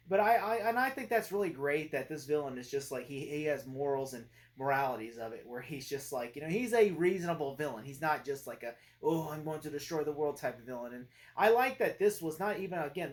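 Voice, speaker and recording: A young man chatting through a movie review in a loose, rambling way, leaning on fillers and restarting his sentences. He drops into low mutters when he quotes lines. His voice sits at a middling pitch.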